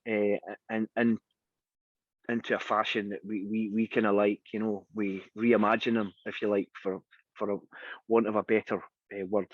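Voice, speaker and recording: A Scottish singer being interviewed, telling anecdotes in a casual, animated way and acting out the voices of the people in them. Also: male voice, on the low side, normal speed, dry recording. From Scotland. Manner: lively anecdotal storyteller, acts out quoted voices. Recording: dry, dull lo-fi sound.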